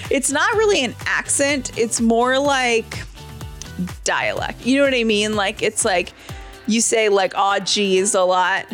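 A woman co-hosting a casual podcast, teasing and animated, with many fillers. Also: on the high side, unhurried, faint music behind. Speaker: podcast co-host. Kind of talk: casual chat.

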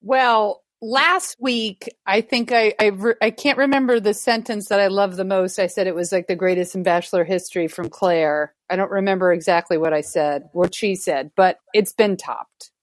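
A woman's voice: mid-range voice, fairly even intonation, moderate pace, hardly any pauses, no room sound. A woman co-hosting a podcast in casual comedic chat, riffing sardonically and swearing. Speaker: podcast co-host.

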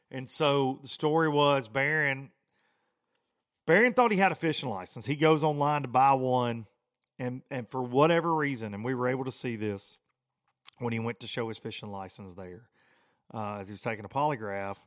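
A man, hosting a podcast and telling a fishing tournament story in a lively, rambling way. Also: fairly high pitch, moderate pace. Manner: animated storytelling, frequent restarts and repeats. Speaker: podcast host. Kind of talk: casual podcast monologue.

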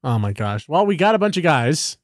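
A man's voice: fairly high pitch, very animated, a little fast, dry recording, clean studio sound. A man co-hosting a casual sports podcast, rambling and fumbling for names as he talks. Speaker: podcast co-host.

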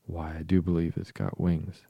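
A man with a very deep voice, reading the lines of a gentle, polite young girl in a bedtime storybook. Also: little pitch movement, moderate pace, gravelly, slightly rough, no echo, muffled recording, exaggerated voice.

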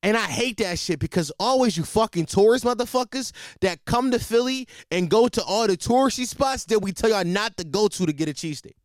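A young man from Philadelphia with a Philly accent, ranting profanely for comedy, repeating himself and swinging between loud and low. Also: lively intonation, a little fast, hardly any pauses, dry recording, clean studio sound. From Philadelphia, USA. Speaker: comedic ranter. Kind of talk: profane comedic rant to camera.

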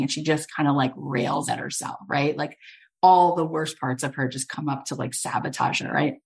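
A woman podcast host and coach, telling a story in an animated, emphatic way with lots of casual fillers. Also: sits low, brisk. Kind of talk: storytelling monologue.

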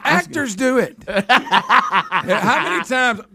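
A man's voice: sits high, lively intonation, slow pace, crowd noise. A middle-aged man with a Southern US accent co-hosting a radio show, teasing and wry, laughing often. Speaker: radio co-host. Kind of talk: casual banter on a morning radio show.

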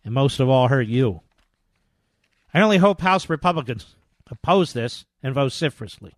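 An older man hosting a talk radio show, delivering a combative, sarcastic monologue that swings between loud jabs and quiet asides. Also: medium pitch, lively intonation, normal speed, no room sound, studio quality.

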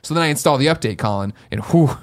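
A young adult man co-hosting a podcast, telling a story in excitable, animated casual chat. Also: fairly high pitch, fast. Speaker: podcast co-host.

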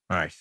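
A middle-aged man hosting a political show, ranting bluntly and profanely and hammering the same short commands again and again. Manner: shouting, repetitive, blunt and profane. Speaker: political podcast host.

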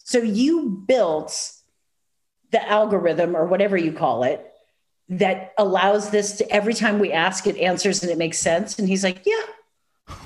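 A woman with a nasal Chicago accent, chatting as a guest and telling animated stories full of acted-out quotes. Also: mid-range voice, normal speed. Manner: animated storyteller, acts out quotes, many fillers. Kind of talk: casual chat.

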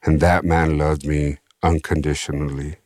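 A middle-aged man with a Chicano English accent, a podcast guest telling his recovery story in streetwise slang, animated and slipping into other people's voices. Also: rumbling low, moderate pace, no echo, studio quality. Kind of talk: casual storytelling interview.

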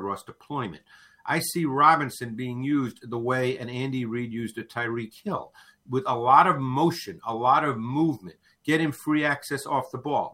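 A man's voice: medium pitch, sharp tone. A man who analyzes football in a casual talk, thoughtful, often repeating words as he starts a sentence.

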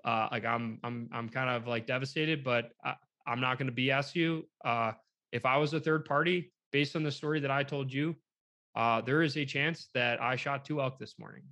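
A man casually telling a long hunting story, rambling and animated, acting out what others said, still shaken by what happened. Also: medium pitch, normal speed. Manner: rambling, animated retelling with quoted dialogue. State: shaken, emotional.

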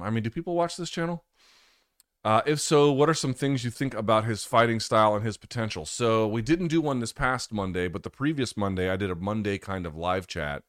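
A man with a very low, deep voice hosts a live podcast chat, talking through his picks in a loose, rambling way. He stops to correct himself often and swears without a second thought. The sound is close and dry, with no room around it. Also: dry recording. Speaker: podcast host.

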